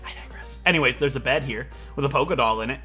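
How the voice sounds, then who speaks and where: A man's voice: mid-range voice, fast, pushed and bright, faint music behind. A man in his twenties giving rambling, joking gameplay commentary. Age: 20s. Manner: rambling, joking, laughs a lot. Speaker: let's play host.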